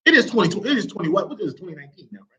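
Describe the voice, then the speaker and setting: A man's voice: sits high, sing-song, rapid-fire, pushed and bright, dull audio. A man, teaching an Arabic class and quizzing his students with playful repeated questions. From United States. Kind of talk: classroom lesson with call-and-response.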